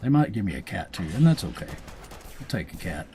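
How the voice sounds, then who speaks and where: Speaking briskly in a low, warm, very animated voice, this gaming video host casually narrates his play, with a little hiss or hum in the recording. He cracks jokes and now and then voices the game's dialogue in silly ways.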